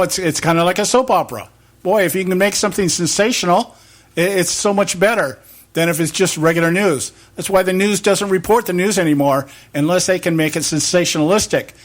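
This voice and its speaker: A man with a slightly raised voice talks opinionated politics in a loose, rambling way. He keeps firing rhetorical questions and acts out quick imagined exchanges between people. It sounds like a casual solo talk show host working through a point. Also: fairly high pitch.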